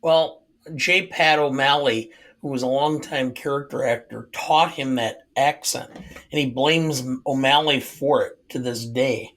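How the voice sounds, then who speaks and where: A man co-hosting a movie podcast, sharing film trivia in a measured way with dry jokes. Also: mid-range voice, fairly bright tone. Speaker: podcast co-host. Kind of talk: casual movie podcast chat.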